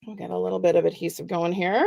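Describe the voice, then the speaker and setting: A middle-aged woman giving a chatty, step-by-step live craft tutorial with soft asides. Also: lowish voice, fairly even intonation, fast, gravelly. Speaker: card-making demonstrator.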